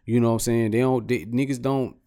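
A man co-hosting a podcast, talking in loose casual banter that climbs to near-shouting when he gets worked up, laughing a lot. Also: mid-range voice, a little fast. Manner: animated, rising to near-shouts when riled, laughs often. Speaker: podcast co-host.

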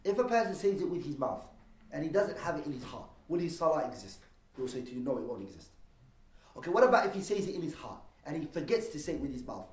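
Guy teaching a religious class, reads arabic fast then translates, echoey room, kinda far from the mic. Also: a little high, sing-song. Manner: explains terms, poses rhetorical questions to the class. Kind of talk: lesson on Islamic law.

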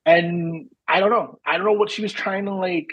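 A man in his thirties, a podcast co-host, telling a story in casual chat, profane and animated, acting out the dialogue. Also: high-pitched, normal speed, husky, dry recording, dull audio.

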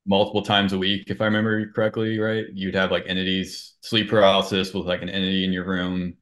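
Low-voiced man prompting his co-host. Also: level tone, fast talker, fairly bright tone. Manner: prompting, recounting the other's stories back to him. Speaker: podcast co-host. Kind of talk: casual interview chat.

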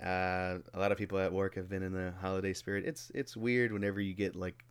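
A man's voice: sits low, level tone, quick pace, smooth. A young man hosting a podcast in casual chat. He is laid-back, swears freely and laughs often. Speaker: podcast host. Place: warm home room.

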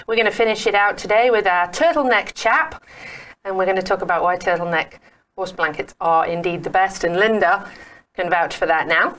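A woman's voice: medium pitch, moderate pace, a bit bright, a little hiss or hum. A woman hosting a radio talk show, chatting casually with frequent ums and uhs.

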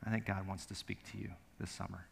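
A man's voice: low voice, level tone, quick pace, gravelly, slight background noise. A middle-aged man preaching a sermon as pastor, telling a story earnestly and emphatically, often repeating his words.

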